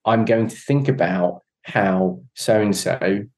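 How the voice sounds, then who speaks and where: A man's voice: on the low side, slow pace, a little mellow. A man guesting on a podcast, talking in an earnest, reflective way and often searching for his words. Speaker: podcast guest, endurance cyclist. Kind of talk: casual conversation.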